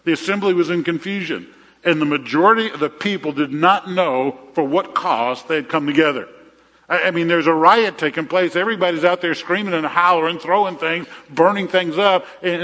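Pastor preaching in a reverberant hall. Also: male voice, on the high side, a little fast, pushed and bright. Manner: conversational, repeats phrases, tells jokes. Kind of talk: sermon.

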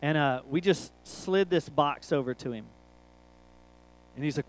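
A man's voice: on the high side, measured pace, low-quality recording. A man, preaching a sermon through a rambling, jokey family story.

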